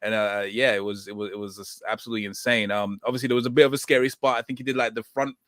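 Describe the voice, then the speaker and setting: Man hosting with halting chatty talk. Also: on the low side, fairly even intonation, fairly bright tone, no room sound, studio quality. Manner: hesitant, many ums and restarts. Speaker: podcast host. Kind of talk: casual chat.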